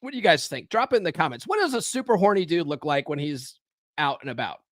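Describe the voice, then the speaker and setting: A man's voice: on the high side, very animated, fast talker, fairly bright tone, no room sound, studio quality. A man hosting a live stream podcast, talking animatedly with frequent swearing and "okay?" tags. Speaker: podcast host. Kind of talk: live stream commentary and book reading.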